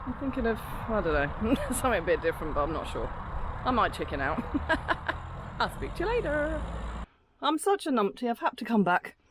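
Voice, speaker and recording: A woman's voice: on the high side, big pitch swings, normal speed, background noise. Chatty woman vlogging, laughs often. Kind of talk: casual vlog chat. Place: outdoors by a canal, then indoors at a house.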